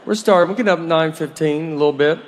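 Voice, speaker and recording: A man's voice: on the high side, fast talker. A man in his forties doing a stand-up comedy routine, dry, rambling and self-deprecating. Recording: noisy live recording.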